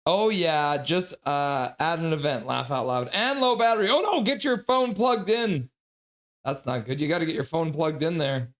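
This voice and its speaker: A man hosting a live hockey watch-along stream, joking around and greeting viewers from chat in a casual way. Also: on the high side. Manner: jokey, reads chat messages aloud and greets viewers.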